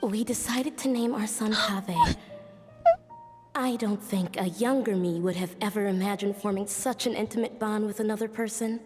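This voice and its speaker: A woman's voice: medium pitch, normal speed, long reverb tail, loud music behind the voice, natural voice. An actress playing a young mother reading her diary entries aloud in a reflective, tender way.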